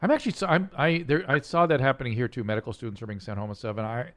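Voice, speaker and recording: An older man, a physician hosting a talk show, speaking in a casual, earnest way with many halting restarts as he explains and gives advice to callers. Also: mid-range voice, fairly bright tone. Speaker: physician podcast host. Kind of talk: casual chat and call-in advice.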